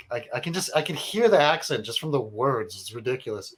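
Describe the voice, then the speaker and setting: A man's voice: medium pitch, big pitch swings, moderate pace, slight background noise. A man hosting a casual call-in advice show, laughing often as he reads listener emails aloud. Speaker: talk show host. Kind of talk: casual comedic call-in chat.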